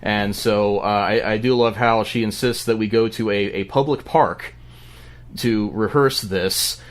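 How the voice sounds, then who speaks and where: A man telling a story on a podcast in an animated way, with lots of stammering restarts. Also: on the low side, measured pace. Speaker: podcast guest. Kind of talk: casual podcast chat.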